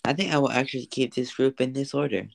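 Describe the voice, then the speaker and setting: A man's voice: mid-range voice, fairly even intonation, quick pace, creaky, no room sound, poor audio. A young man co-hosting a casual sports podcast, matter-of-fact and brief. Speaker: podcast co-host.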